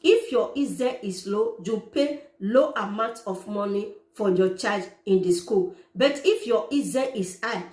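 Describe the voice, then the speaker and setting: A woman giving other parents earnest, repetitive step-by-step advice in direct address. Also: mid-range voice. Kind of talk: informal how-to explainer. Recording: echoey room.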